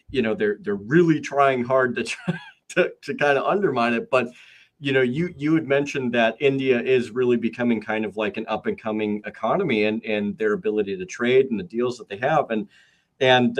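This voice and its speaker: A man hosting a podcast, talking casually and rambling with many fillers and restarts. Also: mid-range voice. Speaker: podcast host.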